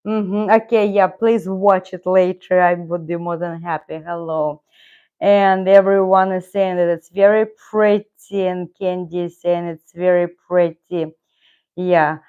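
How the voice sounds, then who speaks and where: A woman's voice: on the low side, fairly even intonation, measured pace, smooth, phone-quality sound. A middle-aged woman from Russia, a native Russian speaker, hosting a casual live stream with rambling, self-correcting talk and frequent chuckles. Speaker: channel host.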